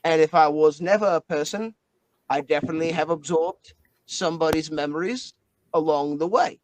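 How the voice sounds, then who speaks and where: A man's voice: fairly high pitch, moderate pace, no room sound, close to an everyday voice, poor audio. A man voicing a crude male spirit trapped in a book, with a put-on Australian accent. He swears a lot and calls everyone mate. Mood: rambling. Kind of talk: tabletop game character voice.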